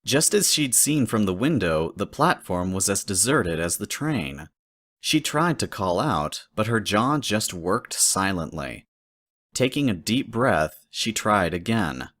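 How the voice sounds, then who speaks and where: A man narrating a fanfic horror story in a steady, measured way. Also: on the low side.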